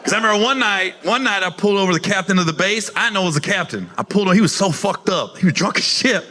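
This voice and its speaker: A man doing stand-up comedy, telling profane, animated stories and acting out the people in them. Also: sits high, fast talker, background noise. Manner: animated, profane, acts out characters in quotes.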